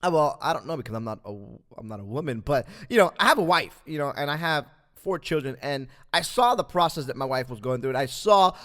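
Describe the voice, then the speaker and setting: A man hosting a podcast, telling a Bible story as a motivational talk, with lots of fillers and animated asides. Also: on the high side, fairly quick, few pauses. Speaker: podcast host. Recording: long echoing reverb.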